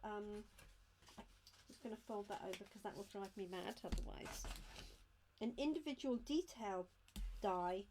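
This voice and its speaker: A woman's voice: mid-range voice, unhurried, noisy background. A woman demonstrating craft supplies, chatting and explaining each step as she handles items at her craft desk. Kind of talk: live craft unboxing demo.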